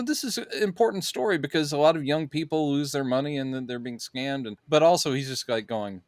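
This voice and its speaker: A man's voice: a little high, normal speed, few pauses, no room sound. Chatty man in a dry, close recording. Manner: animated, acts out quoted lines in silly voices. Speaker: podcast co-host. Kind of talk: casual movie breakdown chat.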